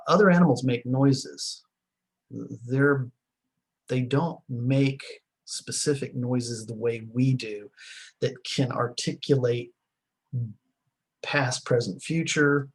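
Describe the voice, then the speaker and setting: Man, middle-aged, husky voice, rambling recorded lecture, casual teacher tone. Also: mid-range voice, low-quality recording. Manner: rambling, conversational, with many fillers and restarts.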